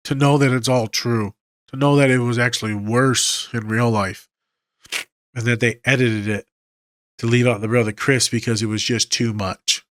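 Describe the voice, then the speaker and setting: A man's voice: medium pitch, steady tone, moderate pace, fairly bright tone, no room sound. A man hosting a podcast as a therapist, retelling film scenes emotionally with quoted lines and swearing. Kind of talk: casual film breakdown.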